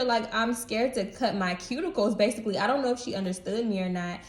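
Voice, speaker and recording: A young woman casually telling a storytime story to her viewers, animated and slangy, speaking straight to camera. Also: mid-range voice, a little fast, few pauses. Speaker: beauty vlogger. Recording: roomy echo.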